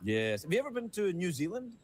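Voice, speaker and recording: A man's voice: high-pitched, big pitch swings, fast. A Scottish man chatting and teasing a guest in playful comic banter, laughing often. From Scotland. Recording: loud background noise.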